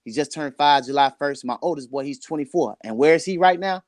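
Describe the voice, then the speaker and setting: A man's voice: fairly high pitch, expressive, brisk, no room sound, clean studio sound. A man in his forties talking candidly and earnestly about his life, getting emotional and repeating phrases for emphasis. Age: 40s. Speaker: guest sharing his life story. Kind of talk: candid conversation.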